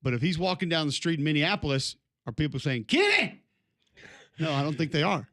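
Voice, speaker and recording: A man's voice: on the high side, quick pace, dry recording, studio quality. Opinionated male sports radio co-host. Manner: opinionated, rambling, lively tangents. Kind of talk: casual morning radio banter.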